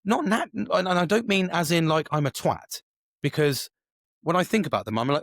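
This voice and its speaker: A man's voice: on the high side, expressive, fairly quick, creaky. A man, a podcast host talking alone in a casual, rambling way with lots of swearing and restarts. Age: 40s. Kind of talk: casual solo monologue.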